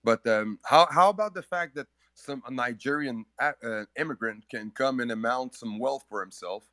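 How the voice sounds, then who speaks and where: A man's voice: mid-range voice, moderate pace, fairly bright tone, dry recording. A man from French Canada calling into a live online audio space, speaking hesitantly with many fillers.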